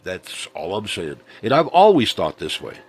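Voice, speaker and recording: A man's voice: on the low side, huge pitch swings, moderate pace, slightly rough. A middle-aged man, rambling through a casual vlog monologue with many ums and restarts. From Southern United States. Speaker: vlogger.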